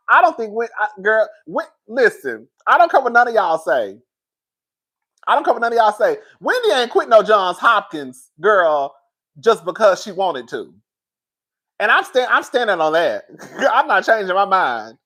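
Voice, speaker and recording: A woman talking casually to her viewers on a live stream, reading their comments and getting loud and excited when she is worked up. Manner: animated, swings high and loud when worked up.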